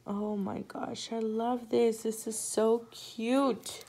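A woman hosting a casual unboxing chat from her home craft room. She gushes excitedly, often gasps, and keeps calling viewers "you guys.". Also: a little high, slow pace. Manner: gushing and excitable, often gasping. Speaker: crafting channel host.

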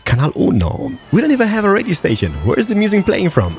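A man's voice: sits high, wildly swooping pitch, quick pace. A man hosting a game channel who rambles playfully through casual gameplay commentary and drops mock Spanish words. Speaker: gaming channel host.

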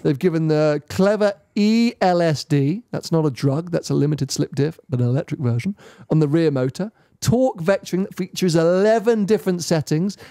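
A man co-hosting a casual car podcast, enthusiastic and quick to laugh. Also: high-pitched, dark tone, no room sound, studio quality. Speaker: podcast co-host. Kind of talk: casual chat.

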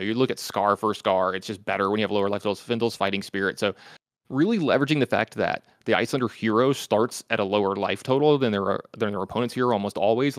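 An American man in his thirties breaks down a card game match at a rapid clip. His voice sits a bit low, with a dry, close sound and lots of filler words. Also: no echo. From United States. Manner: analytical, talks fast with many fillers. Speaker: commentator.

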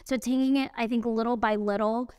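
Young woman chatting on a panel, kinda high, super clear dry voice. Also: fairly even intonation, a little fast, a little mellow, no echo. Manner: chatty, lots of fillers and asides. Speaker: panel speaker. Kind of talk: casual panel talk. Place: event venue indoors.

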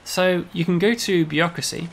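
A man, a game developer, casually explaining a game demo, often pausing on "um" and checking with "right?". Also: sits high, steady tone, vocal fry.

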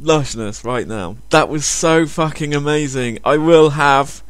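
A man's voice: on the high side, a little slow, clean tone, no room sound. A man doing sarcastic comedic commentary on a video, swearing heavily. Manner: sarcastic, heavy swearing, animated.

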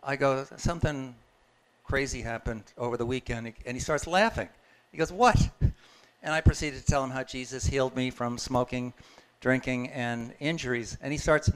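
A man's voice: medium pitch, clean tone. A man sharing a personal testimony in a casual, conversational storytelling way, chuckling and restarting his sentences as he goes. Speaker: guest speaker sharing a testimony.

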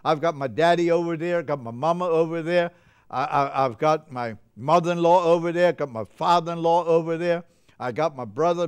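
An older male preacher delivers a chapel sermon with fervent, joyful energy that runs away with him. His voice sits a little high for a man. It stays smooth and resonant throughout. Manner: fervent, gets carried away with joy.

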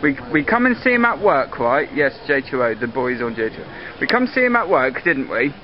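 A man's voice: medium pitch, very animated, brisk. A young man joking and laughing through a casual handheld vlog outdoors. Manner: playful, jokey, laughs a lot. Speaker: vlogger. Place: outdoors in a park. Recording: dull lo-fi camcorder audio, loud hiss.

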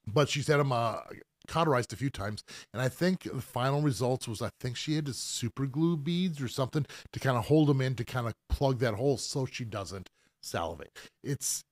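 A middle-aged man who pierces for a living, answering viewer questions on a live stream in a relaxed, explanatory way with plenty of fillers. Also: medium pitch, normal speed, dry recording. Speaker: professional piercer hosting a live Q&A. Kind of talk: casual live-stream chat.

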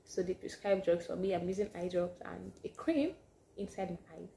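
A woman telling a personal story to camera in a casual vlog, animated and sometimes dropping to hushed asides. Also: fairly low pitch, normal speed, creaky, slight background noise. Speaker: vlogger.

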